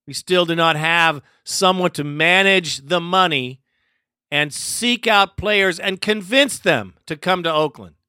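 Podcast host, male, angry profane ranting, high bright voice, dry close mic. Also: unhurried, clean tone, no room sound. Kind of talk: solo ranting commentary.

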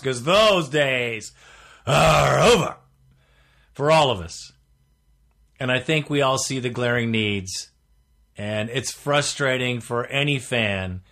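A man's voice: on the high side, fairly bright tone. A man hosting a sports fan call-in show, talking bluntly and getting worked up. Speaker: radio show host. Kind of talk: casual fan talk show.

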